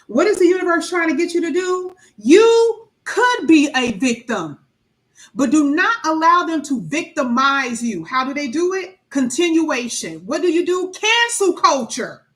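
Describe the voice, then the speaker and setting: A woman's voice: high-pitched, measured pace. A woman giving a tarot reading to viewers, talking emphatically and acting out the voices of people she describes. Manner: animated, acts out quoted voices, emphatic repetition. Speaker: tarot reader.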